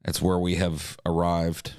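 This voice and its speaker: Deep, monotone and unhurried, this livestream host's smooth, darkish voice comes through a dry, studio-quality recording. The American reads out viewer comments with crude, sarcastic profanity while chatting casually.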